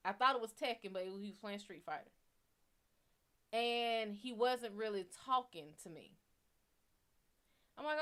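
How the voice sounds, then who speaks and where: A woman's voice: medium pitch, lively intonation, unhurried, pauses often, a bit bright, clear, resonant tone. A woman hosting a show, telling a story in a blunt, profane and heated way. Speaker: psychic reader and show host. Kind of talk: casual storytelling.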